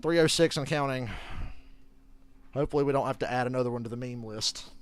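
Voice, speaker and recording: A man chatting casually and reacting to a live game, swearing often, laughing a lot and getting excited. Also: mid-range voice, fast talker, clear, resonant tone, no room sound. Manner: profane, laughing, excitable banter.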